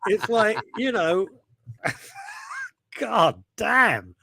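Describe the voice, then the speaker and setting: A man's voice: high voice, gravelly, raised voice, a little hiss or hum. A man hosting a talk show, joking and laughing, often trailing off and restarting his sentences. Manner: animated, jokey, quick to laugh, trails off and restarts. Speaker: radio show host. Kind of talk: casual talk show banter.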